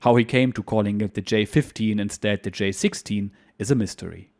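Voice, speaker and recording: A man narrating a war memoir as a history channel host, in a steady, measured reading style. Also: lowish voice.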